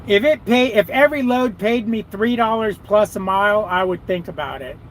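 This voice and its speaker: A man's voice: high voice, moderate pace, a little hiss or hum, low-quality recording. A man who drives trucks, chatting and cursing freely with viewers on a live stream from his cab. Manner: profane, rambling, talks to viewers and his dog. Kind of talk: casual live chat.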